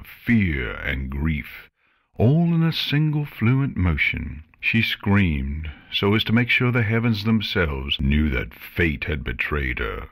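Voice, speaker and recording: Deep, slow-reading male narrator. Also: a bit bright, husky, dry recording, clean studio sound. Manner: measured, somber narration. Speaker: audiobook narrator. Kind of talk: audiobook reading of fan fiction.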